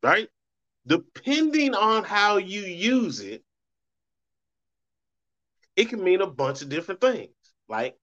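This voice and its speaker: Middle-aged male host with a Southern US accent, loose and chatty, pitched a bit high, on a dull lo-fi recording. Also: sing-song, measured pace, a bit bright. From Southern United States. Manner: loose, rambling, swings voice up for quoted reactions. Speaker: show host. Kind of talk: casual monologue. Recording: muffled lo-fi recording.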